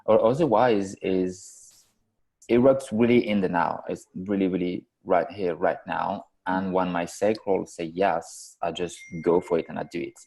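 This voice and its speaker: Low gravelly man, hesitant. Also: steady tone, measured pace, darkish tone, low-quality recording. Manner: hesitant, many fillers. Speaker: coaching client. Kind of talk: casual answer in group session.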